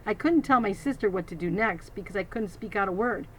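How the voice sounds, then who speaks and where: A woman's voice: mid-range voice, expressive, a little fast, background noise. A woman reading a children's novel aloud, adding teacherly asides to her listeners. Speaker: reader.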